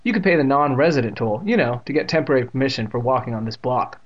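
Man putting on hulking teen bullies, sneering and mocking, pitched up, lo-fi. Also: expressive, fast talker, lightly acted. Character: two big mocking bully boys.

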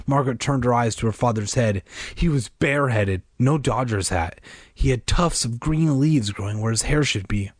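A man reading a children's horror book aloud, narrating with expressive storytelling. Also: medium pitch, moderate pace, no echo, clean studio sound. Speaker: reader.

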